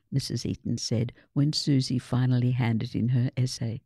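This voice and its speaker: A woman reading a children's story aloud, with an expressive, animated delivery. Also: a bass voice, moderate pace, gravelly, few pauses, slightly rough, no echo, clean studio sound.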